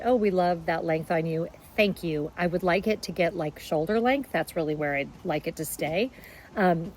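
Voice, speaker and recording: Chatty woman vlogger, slightly low voice. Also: a little hiss or hum, rough recording. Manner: chatty, warm-hearted, emotional in places. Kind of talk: casual talk to camera.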